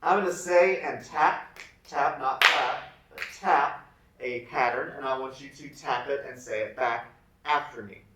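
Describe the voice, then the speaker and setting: A man teaching a remote music lesson, leading students through rhythms in slow, patient call and response. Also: mid-range voice, sharp tone, slight background noise. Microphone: camera set away from him. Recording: echoey room, far from the mic.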